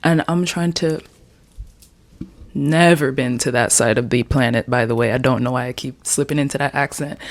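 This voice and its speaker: A woman in her twenties chatting alone in her room, rambling and playful as she talks about her writing. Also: deep voice. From Jamaica. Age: 20s. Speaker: vlogger. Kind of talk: casual chat vlog.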